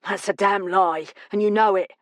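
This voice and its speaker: A woman voicing a hot-tempered young man who talks in halting, broken-off sentences. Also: medium pitch, steady tone, no room sound, clean studio sound, natural voice. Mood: angry.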